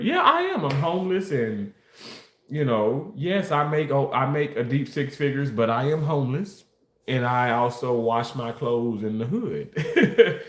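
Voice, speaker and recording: A man livestreaming and reading chat aloud, making crude jokes and protesting with mock innocence. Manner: voice jumps high when protesting. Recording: roomy echo.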